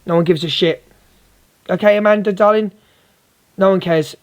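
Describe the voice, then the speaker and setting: In a heated livestream rant, a man with a high voice keeps addressing a female viewer as darling while confronting her. He speaks at normal speed.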